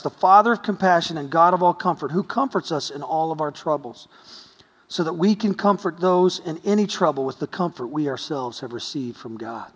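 A man's voice: a little high, long reverb tail. A man preaching a sermon as pastor, telling stories earnestly with touches of light humor.

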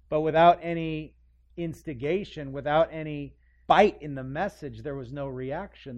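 A middle-aged man preaches in a relaxed, conversational way, then lets quoted lines burst out loud. His voice is warm and mellow at an ordinary pitch. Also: muffled recording. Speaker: pastor. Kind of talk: expository sermon.

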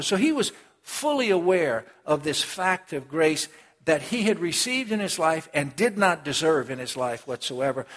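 A man preaching a sermon, talking straight to the congregation and acting out the characters of a story. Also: fairly high pitch. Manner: animated, acts out characters, addresses congregation directly. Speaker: pastor. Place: church. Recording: long hall reverb.

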